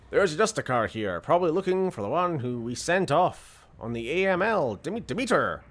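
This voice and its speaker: This Scottish man is streaming a game, rambling in relaxed live-stream chat full of laughing asides and a swear here and there. His voice is fairly high, with lively intonation at a normal speed.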